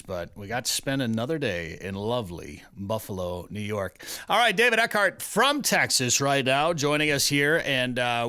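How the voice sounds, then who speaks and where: A man's voice: medium pitch, fairly bright tone, no echo. A man hosting a radio show, chatting casually and running a trivia segment in a loose storytelling way.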